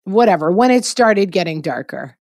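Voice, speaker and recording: A middle-aged woman co-hosting a podcast in casual chat, telling stories in an animated, self-mocking way. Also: medium pitch, moderate pace, dry recording, studio quality. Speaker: podcast co-host.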